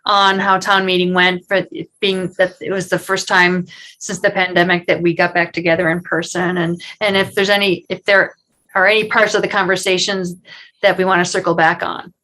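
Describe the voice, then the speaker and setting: A woman's voice: on the low side, level tone, moderate pace, pushed and bright, poor audio. A woman reporting to a town board in a public meeting, speaking hesitantly with many restarts over a video call.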